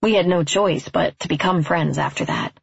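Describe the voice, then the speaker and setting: A woman reading a first-person story aloud in a measured, wryly understated way. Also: fairly low pitch, gravelly, slightly rough, dry recording, lo-fi sound. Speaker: narrator.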